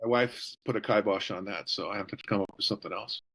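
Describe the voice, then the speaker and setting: A middle-aged or older man, a guest author, telling stories in an interview with quick jokes and voices acted out for the people he quotes. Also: fairly low pitch, breathy edge. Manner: jokey, animated storyteller who acts out quotes. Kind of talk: storytelling interview answers.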